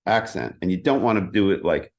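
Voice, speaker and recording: A middle-aged man in a casual interview, explaining practice in a lively way and often singing rhythms as "da da da". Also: low-pitched, fairly quick. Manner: animated, sings rhythms as "da da". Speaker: interview guest, keyboardist.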